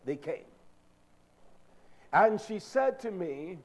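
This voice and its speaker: An older man preaching a sermon, animated and acting out the voices of people he quotes. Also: sits high, normal speed.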